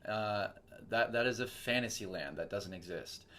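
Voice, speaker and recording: This young man from Texas, a voice actor appearing as a guest, speaks at a moderate pace with a fairly low pitch. His interview chat is relaxed, and his storytelling comes alive as he acts out the voices he quotes.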